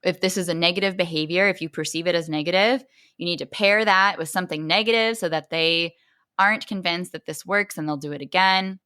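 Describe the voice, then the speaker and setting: Smooth-voiced woman giving parenting advice. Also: lowish voice, fairly quick. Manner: explanatory, acts out quoted dialogue in lively voices. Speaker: podcast host.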